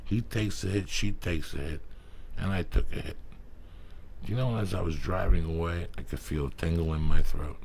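A man hosting his podcast, reading sponsor ads in a loud, emphatic, profane, rambling way. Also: deep voice, normal speed, vocal fry, slight background noise. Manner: loud, emphatic, swears freely. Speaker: podcast host.

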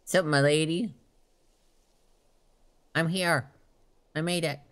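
A man's voice: fairly high pitch, fairly even intonation, slow pace, fairly bright tone. A man doing casual let's play commentary, joking, swearing and talking to the game's characters while his voice is going. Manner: joking, sweary, talks to the game. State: losing his voice. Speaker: gaming YouTuber. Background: faint game music.

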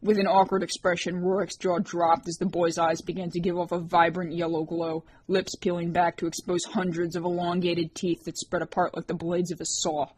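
A woman reads an audiobook aloud in a voice on the low side for a woman. She narrates at an even, steady pace and gives each character a voice of their own. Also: normal speed, few pauses, slight background noise.

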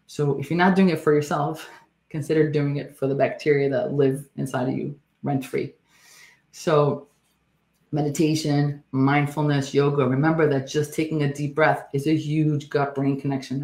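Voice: mid-range voice, a little mellow. A nurse practitioner giving a health education talk in a chatty, emphatic way, with joking asides. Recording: roomy echo.

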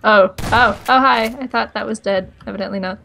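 A woman's voice: medium pitch, normal speed, gravelly, a bit bright. A woman playing a co-op game with a friend, chatting casually and laughing easily. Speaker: co-op gaming partner. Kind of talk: casual co-op gameplay chat.

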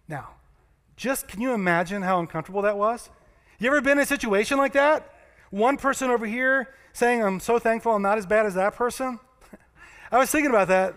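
A man's voice: extremely high pitch, a little fast, a bit bright, smooth, in a large hall. A man giving a sermon as pastor, telling stories in a conversational way and acting out the voices of the people in them. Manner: conversational storytelling preacher, acts out voices. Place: church sanctuary.

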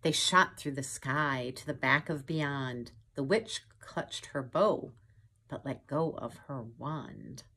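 A woman reading a picture book aloud to children, pausing to point at pictures and ask them questions in a gentle way. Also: very deep voice, slightly rough. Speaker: storytime reader. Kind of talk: children's storytime read-aloud.

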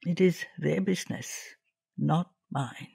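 A man reading a spiritual text aloud in a measured, deliberate way, with long pauses between phrases. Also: on the high side, creaky, darkish tone, husky, no room sound, studio quality. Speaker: reader of spiritual texts. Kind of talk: slow devotional reading.

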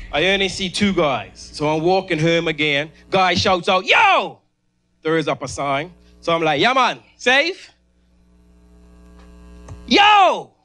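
A man from Bermuda with a Bermudian accent doing stand-up, telling a story on stage into a handheld mic and shouting other people's lines in high, loud voices. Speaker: opening comedian. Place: comedy stage in a venue.

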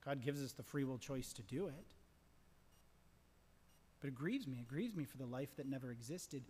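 A middle-aged man preaching a sermon as pastor, impassioned, repeating phrases, swinging from loud emphasis to hushed whispers. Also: mid-range voice, lively intonation, moderate pace, long pauses, slight background noise. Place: large church sanctuary. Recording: long church reverb.

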